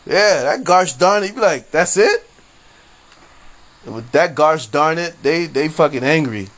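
A man's voice: on the high side, expressive, moderate pace, a bit bright. A man hosting a casual solo podcast, rambling and laughing often, full of slang and profanity. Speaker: podcast host. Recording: faint background noise.

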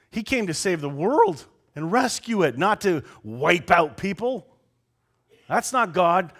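Animated man preaching a sermon. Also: sits high. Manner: animated, swings from loud outbursts to quiet asides. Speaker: pastor. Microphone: lapel mic.

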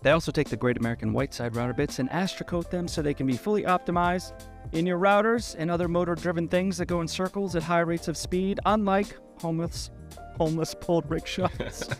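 A man co-hosting a podcast, reading sponsor ads and slipping deadpan absurd jokes into the copy. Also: a little high, quick pace, faint music behind. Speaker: podcast co-host. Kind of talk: joking sponsor ad read.

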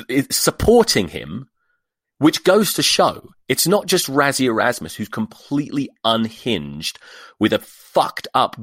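A sweary man hosts his own podcast in a lowish voice, dripping with sarcasm and exasperation. The recording is dry and close, with no room sound around him. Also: a bit bright, no echo. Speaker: podcast host. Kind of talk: solo podcast rant.

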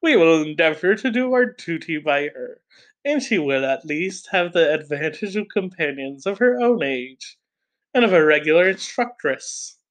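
A man reading the lines of a dignified, stern head of household in a measured, formal way. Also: on the high side, expressive, a bit bright. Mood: grave.

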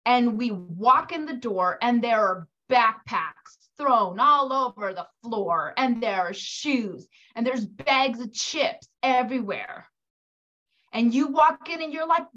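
A high-pitched woman coaching an audience of mothers at a measured, unhurried pace. She speaks to the listeners directly and lively acts out the voices of parents and children. The recording sounds slightly dull and muffled. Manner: animated, acts out quoted voices. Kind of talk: coaching talk.

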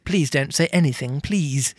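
A man's voice: on the high side, unhurried, darkish tone, slightly rough, no echo, clean studio sound. A man doing an eager, courteous old Scrooge. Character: old miser turned cheerful, eager.

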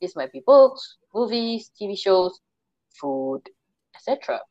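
Her voice is medium-pitched with big swings in pitch, unhurried and mellow, coming through a remote call with no room sound and dull audio. She co-hosts a relaxed podcast chat, chatting, reading sources aloud and laughing at herself.

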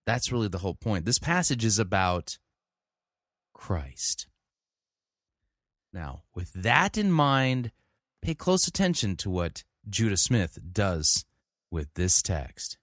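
A man giving critical commentary on a sermon, reading scripture passages and explaining them in a measured way. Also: lowish voice, very animated, a bit bright, dry recording, clean studio sound.

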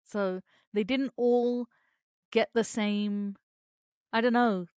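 A woman co-hosting a podcast in casual chat, expressive, swearing and laughing a lot. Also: on the high side, takes it slowly, clear, resonant tone, no room sound, clean studio sound. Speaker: podcast co-host, parent of three.

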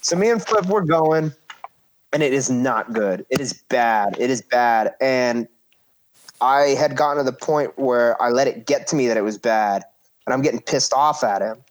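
A man's voice: mid-range voice, normal speed. A man in his thirties casually telling a story about his wrestling career, acting out quoted voices and swearing freely.

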